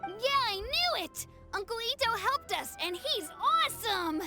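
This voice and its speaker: A woman's voice: very high-pitched, moderate pace, over loud music, heavily acted. A woman voicing an eager, naive young boy in a video game. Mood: excited. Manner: excited and naive.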